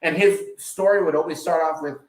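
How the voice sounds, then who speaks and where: A man with a slightly high voice tells loose, profanity-laced stories on a casual podcast. His speech rambles and jumps between thoughts. The room gives his voice a noticeable echo. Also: brisk. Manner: animated when quoting others. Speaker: podcast host. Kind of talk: casual chat.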